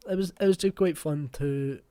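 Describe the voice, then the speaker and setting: A man's voice: fairly high pitch, normal speed, warm tone. A man with a West of Scotland accent hosting a reaction video, talking casually, swearing bluntly and joking.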